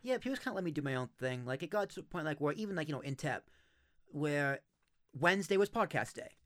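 A man's voice: fairly high pitch, lively intonation, fast talker, dry recording, clean studio sound. A young man in his twenties hosting a podcast, chatting loosely and telling stories with some swearing. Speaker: podcast host. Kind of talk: casual chat.

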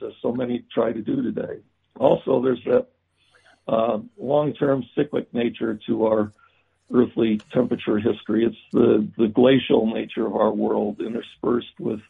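Gravelly-voiced man on a tinny line. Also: medium pitch. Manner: halting, many restarts and fillers. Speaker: book author guest. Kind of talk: remote interview.

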